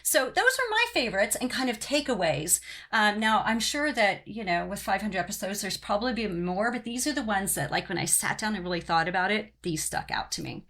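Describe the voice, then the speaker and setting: A middle-aged woman from Oklahoma hosts her long-running podcast in a loose, casual chat. Her voice sits at an ordinary middle pitch. She rambles warmly through stories, leaning on frequent "um"s and "you know"s. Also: very animated, a little fast. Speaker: podcast host.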